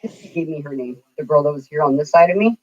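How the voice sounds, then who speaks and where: A woman's voice: low voice, quick pace, no room sound. Woman, 40s, livestream host: blunt and profane, chatty; muffled dry lo-fi recording. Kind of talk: casual livestream chat. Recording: dull lo-fi dry sound.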